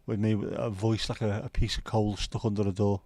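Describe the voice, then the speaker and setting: A man's voice: on the low side, flat delivery, brisk, mellow, no room sound. A middle-aged man with a South Liverpool Scouse accent, chatting casually on a livestream and telling rambling, sweary stories. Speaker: livestream host.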